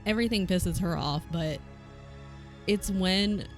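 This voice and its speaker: A woman's voice: fairly low pitch, measured pace. Woman, Southern US accent, casual stream chatter, swears a lot, laughs easily, faint music underneath. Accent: Southern US, softened. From American South. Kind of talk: casual chat while coworking.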